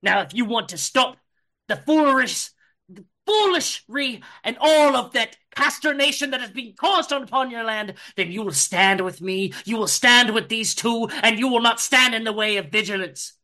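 A man's voice: very high voice, lively intonation, normal speed, pushed and bright, full character voice. A man voicing a zealous preacher who condemns a woman with archaic, fire-and-brimstone preaching. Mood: thundering, condemning.

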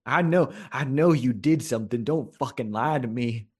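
A man voicing a frightened, drunk gunman who is sweating and shaking, with a high, cracking, frantic voice. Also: normal speed, breathy edge, natural voice. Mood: panicked.

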